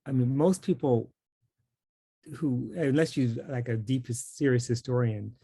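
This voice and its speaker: Man, interviewer, rambling, gravelly, husky, dry close sound. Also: mid-range voice, measured pace, warm tone, dry recording. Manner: chatty, rambling, many fillers and restarts. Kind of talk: conversational interview.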